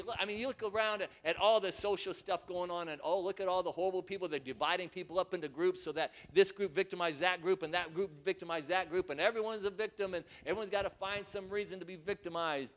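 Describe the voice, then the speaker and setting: A man preaching a sermon, acting out scripture voices and swinging from quiet asides to loud, dramatic passages. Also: sits high, fairly even intonation, fast, hardly any pauses.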